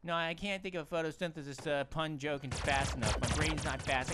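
Casting note: jokey, punning male gaming host, bouncy pitch, game music underneath. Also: expressive, brisk. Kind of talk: goofy let's-play commentary.

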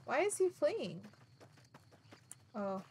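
A woman streaming a video game, chatting excitably, laughing often and swearing casually. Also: sits high, extremely slow, a little hiss or hum. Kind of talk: casual gameplay commentary.

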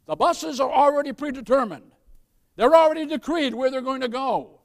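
High-voiced man preaching a sermon. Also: animated, normal speed. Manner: folksy preaching, questions to the congregation. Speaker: pastor. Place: church.

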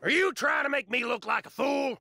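An actor playing a hot-tempered little cowboy who shouts furiously. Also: male voice, very high-pitched, very animated, slow, gravelly, noisy background, full character voice. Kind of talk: cartoon voice acting.

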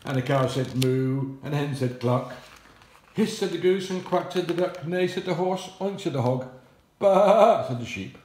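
A man's voice: on the high side, normal speed, darkish tone, reverberant. Older man reading a rhyming picture book. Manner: sing-song rhyming with animal noises. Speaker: grandfather reading aloud.

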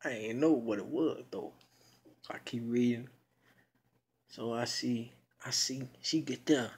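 A young man rambles through a story in loose slang, swearing as he goes. His voice is husky and breathy. The pitch sits in a middle range for a man. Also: a little slow. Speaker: video blogger. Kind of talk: casual story retelling.

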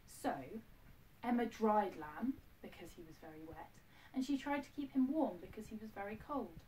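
Woman teacher reading a storybook to her class at home, expressive, mic a bit distant. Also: medium pitch, normal speed. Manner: gentle, expressive read-aloud with asides to children. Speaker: primary school teacher. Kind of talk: reading a picture book aloud to her class. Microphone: self-filmed camera. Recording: distant mic, faint background noise.

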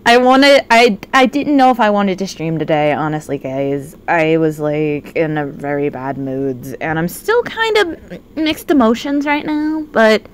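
A woman streaming a game, chatting casually and reacting with excited exclamations and swearing. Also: fairly low pitch, unhurried, clean tone. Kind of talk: casual live-stream chat.

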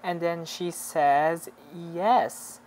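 A young man from the Philippines, excitedly narrating his fan video call in a chatty, gushing way. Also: sits high, normal speed, slight background noise. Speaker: fan vlogger.

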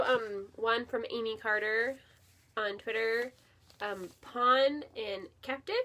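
A woman with a slightly high voice chats at home in a loose, eager way. She fills her talk with ums and likes and repeats words for emphasis. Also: a bit bright. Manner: chatty and enthusiastic, with many fillers and repeated "really". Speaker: book vlogger. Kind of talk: casual chat. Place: home, near her bookshelf.

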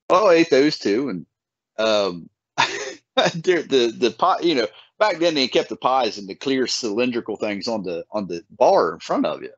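A man telling a folksy story in casual chat, his voice leaping high whenever he quotes people. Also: sing-song, moderate pace, breathy edge, no room sound. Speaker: podcast guest. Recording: dull lo-fi sound.

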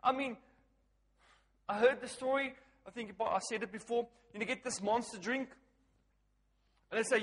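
A man preaching a lively sermon, asking the crowd questions and swinging from hushed to loud. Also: very high-pitched, moderate pace, pauses often, husky, in a large hall.

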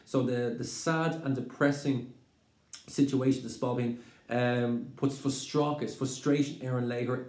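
An Irish man gives an exam-prep lesson, explaining things patiently and repeating points in two languages. His voice is mellow and his pitch sits mid-range. The recording has a noticeable roomy echo. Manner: explains slowly, mixing Irish phrases with English glosses. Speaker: teacher.

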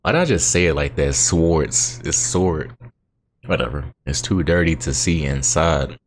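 A man hosting his gaming channel, chatting casually over his gameplay with relaxed, slangy banter and talking back at the game. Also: very deep voice, fairly quick, a little hiss or hum.

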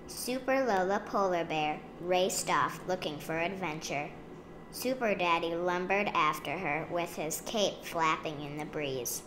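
Woman, children's storybook reader, slow, gentle, low voice, echoey home room, background hiss. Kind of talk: children's storybook read-aloud. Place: home room beside a window.

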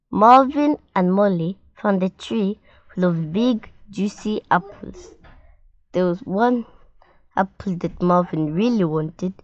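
A woman reading a picture book aloud to children in a clear storytime manner. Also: mid-range voice, a little mellow, no room sound, highs cut off.

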